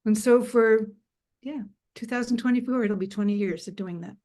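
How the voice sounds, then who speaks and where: A woman's voice: fairly high pitch, normal speed, dark tone. Chatty woman telling a travel anecdote. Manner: chatty, self-deprecating anecdotes with laughs. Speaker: magazine founder and guest. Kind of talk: storytelling in a video call interview.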